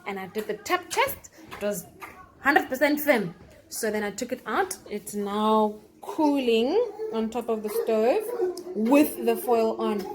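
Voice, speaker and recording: A young woman vlogger talks casually through her baking steps, explaining as she works with fillers and little laughs. Her voice is medium-pitched, with a bit of hiss or hum in the audio.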